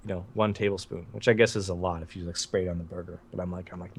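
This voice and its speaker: A man's voice: fairly low pitch, quick pace. A man co-hosting a stream, telling a rambling story through laughs, a little away from the mic. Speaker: co-host. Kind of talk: casual chat.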